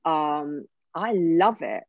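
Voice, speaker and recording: A woman from Essex with an Essex accent, an actor and voice coach chatting casually, animated and often breaking off mid-sentence. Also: deep voice, drawn-out words, vocal fry, no room sound, narrow, tinny audio. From Essex, England. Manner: animated, self-interrupting, laughing storyteller. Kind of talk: casual conversation.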